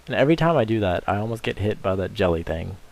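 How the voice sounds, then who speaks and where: Lowish crude joking let's-play guy. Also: sing-song, fast talker. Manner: crude, joking, rambling, swears often. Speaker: gameplay commentator. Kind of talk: casual let's-play commentary.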